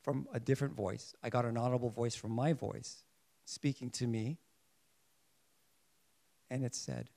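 A man preaching a sermon in an earnest way, often restarting his sentences as he searches for words, sometimes rising in emphasis and sometimes going quiet. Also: mid-range voice, fairly even intonation, unhurried, vocal fry, long pauses.

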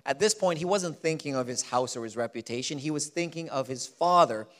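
A man preaching a sermon, stressing key lines slowly and acting out the people he quotes. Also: fairly high pitch, lively intonation, fairly bright tone. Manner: emphatic, repeats key lines slowly, acts out quoted voices. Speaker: pastor.

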